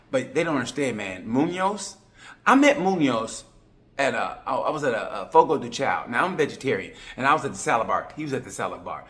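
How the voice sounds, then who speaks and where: Man, oklahoma accent, comedic sports commentary, rambling, jokey, sudden loud bursts. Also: medium pitch, animated, brisk. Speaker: comedic race reviewer.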